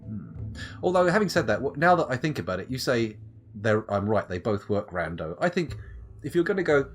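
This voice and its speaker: A man streaming a game and commenting live, jokey and playful, trailing off into little muttered asides. His voice swings widely up and down in pitch, at an everyday middle register, with game music playing behind him. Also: very animated, fairly quick.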